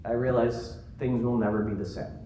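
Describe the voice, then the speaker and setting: A man giving a keynote talk to a live audience, telling stories in an animated way and joking along the way. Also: medium pitch, moderate pace, slight background noise. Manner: animated storytelling with jokes. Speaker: keynote speaker. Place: conference room. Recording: roomy conference room sound.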